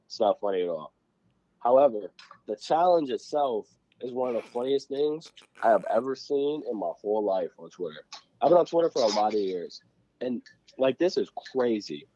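A man co-hosting a casual podcast chat, loud and excitable, swearing freely. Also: medium pitch, normal speed, dry recording. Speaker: podcast co-host. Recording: dull, lo-fi sound.

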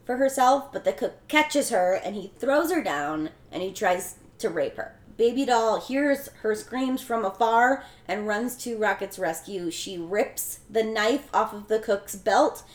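A young woman co-hosting a podcast casually recaps a film's plot, chatty and packed with fillers. Her medium-pitched voice is expressive, she keeps a measured pace, and she barely pauses. The recording has a roomy echo.

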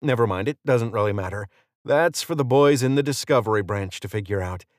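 A man's voice: on the low side, expressive, fairly quick, no room sound, studio quality, natural voice. A man reading the lines of a cocky male federal agent in an audiobook, mocking and chatty. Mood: smug.

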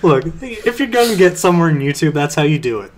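A young man reading fan fiction aloud on a comedy podcast, halting and giggling as he goes. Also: on the high side, very animated, noisy background. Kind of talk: mock-dramatic reading with laughter.

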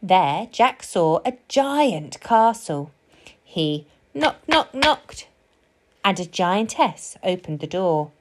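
Slow, sing-song woman reading a children's story. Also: lowish voice, expressive, a little mellow, slight background noise. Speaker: storybook reader. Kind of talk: children's story read-aloud.

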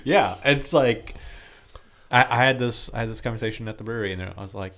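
A man with a mid-range voice tells stories excitedly, swearing and laughing as he goes. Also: medium pitch, brisk. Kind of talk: casual chat.

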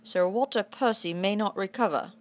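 A woman voicing a cold, haughty aristocratic knight who speaks civilly but with clear superiority, in a storybook reading. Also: medium pitch, moderate pace, close to an everyday voice.

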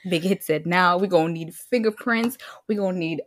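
A woman's voice: lowish voice, pushed and bright, no echo. A woman co-hosting a podcast in casual chat, laughing and filling her talk with "like" and "um". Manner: laughing, chatty, lots of fillers. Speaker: podcast co-host.

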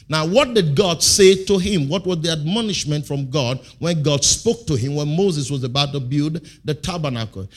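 A man preaching a sermon, throwing half-finished questions to the congregation and stressing key words with sudden loud, drawn-out bursts. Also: a little high. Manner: call-and-response preaching, leaving blanks for the congregation. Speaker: pastor.

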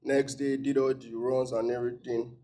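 A man's voice: mid-range voice, normal speed. A Nigerian man, a guest on a chat show, telling stories about his travels with a straight face. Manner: deadpan, straight-faced humor. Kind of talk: casual storytelling.

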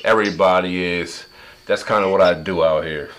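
A man's voice: low voice, steady tone, moderate pace, fairly bright tone, slight background noise. A man from South Jersey hosting a casual podcast chat, joking and laughing often. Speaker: podcast host.

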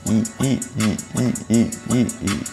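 Man, podcast host, very low voice, gravelly, profane, mocking, casual commentary. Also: measured pace, over music. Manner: profane, mocking, animated asides.

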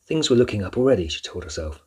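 Male audiobook narrator, deep voice, husky, measured storybook reading. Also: big pitch swings.

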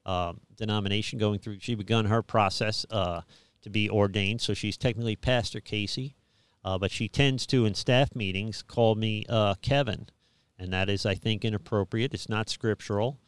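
A middle-aged pastor talks in a rambling, easygoing way, his words broken by restarts and "uh"s, with a faint New York accent under his careful speech. His voice sits fairly low and sounds smooth and clear. The sound is dry, close to the mic. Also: steady tone, normal speed, dry recording. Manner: rambling, many restarts and fillers. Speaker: pastor, show host. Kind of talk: live interview, casual chat.

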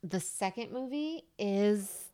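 A woman co-hosts a casual podcast, bantering with her partner in an emphatic, playfully defensive way. Her voice sits at an ordinary middle pitch for a woman. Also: lively intonation, takes it slowly, dark tone, smooth. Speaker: podcast co-host. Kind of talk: casual chat.

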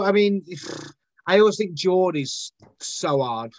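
A man's voice: a little high, takes it slowly, fairly bright tone. A man with a Northern English accent, a guest actor and poet talking casually in a podcast interview, rambling and self-deprecating with lots of fillers. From Northern England.

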